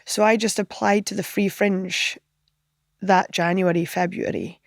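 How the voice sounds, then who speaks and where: A woman comedian guest spins animated anecdotes, slipping into other people's voices as she goes. Her voice carries a gravelly fry at mid pitch, recorded close and dry. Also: a little slow, no room sound. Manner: animated anecdotes, acting out other people's lines, frequent laughter. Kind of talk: podcast interview storytelling.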